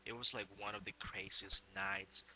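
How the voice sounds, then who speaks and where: Young male vlog host, tipsy, rambling and profane, with a sharp, very bright voice. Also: low-pitched, level tone, moderate pace, a little hiss or hum, rough recording. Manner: rambling, swearing, laughing between lines. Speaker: gaming channel host. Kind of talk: casual profane vlog chat.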